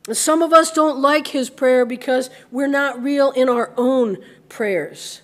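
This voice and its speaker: American woman pastor, higher voice, chatty sermon that slips into quick character voices. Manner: conversational, acts out grumbling voices.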